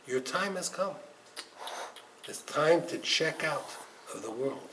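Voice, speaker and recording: Man doing a low, quiet angel of death, calm and unmoving, faint hiss behind. Animated delivery. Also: moderate pace, poor audio. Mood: grave, hushed. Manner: hushed, grave and low. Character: solemn male angel of death, calm, unbending.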